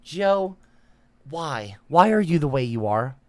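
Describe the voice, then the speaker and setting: A man hosting a comedic livestream, talking like a mock teacher and bursting into shrill, profane shouting. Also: very animated, slow, no echo. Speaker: livestream host.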